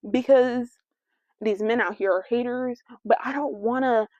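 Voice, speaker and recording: A young adult woman hosting a casual solo podcast, talking in a brash, sassy, slangy and animated way. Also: on the high side, measured pace, no room sound. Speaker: podcast host. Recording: dry, dull lo-fi sound.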